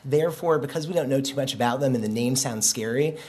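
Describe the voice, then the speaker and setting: A man mockingly imitating fretful European regulators in a high, whiny voice during a conference speech. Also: fast talker, darkish tone, lightly acted. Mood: fretful mockery. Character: mock-naive male European regulators, fretful.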